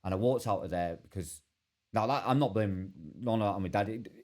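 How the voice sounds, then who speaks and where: A man telling his own story as a podcast guest, earnest and halting with many restarts. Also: on the low side, a little mellow. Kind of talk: candid personal storytelling.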